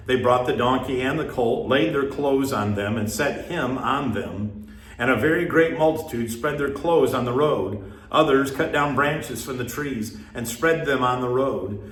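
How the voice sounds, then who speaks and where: A man's voice: medium pitch, far from the mic. Man reading scripture aloud in a roomy space. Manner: measured, steady reading pace with pauses between phrases. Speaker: scripture reader. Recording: roomy echo.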